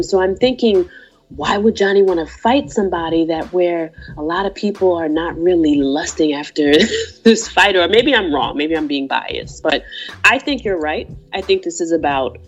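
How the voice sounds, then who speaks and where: A woman co-hosting a casual chat, lively and animated, talking through her opinions with lots of asides. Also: fairly low pitch. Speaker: podcast co-host. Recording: dull lo-fi sound with faint music.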